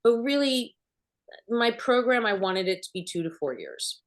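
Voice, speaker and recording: A middle-aged woman acting coach answering panel questions, an animated storyteller who acts out bits of dialogue. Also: fairly high pitch, moderate pace.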